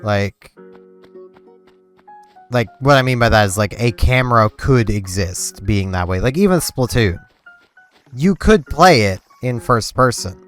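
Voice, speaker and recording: A man's voice: mid-range voice, a little slow, long pauses. A young man chatting casually and rambling as he plays a game on his channel, filling his talk with "like". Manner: rambling, relaxed, with many "like" fillers. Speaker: gaming channel host. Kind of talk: casual chat while playing a game. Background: faint game music.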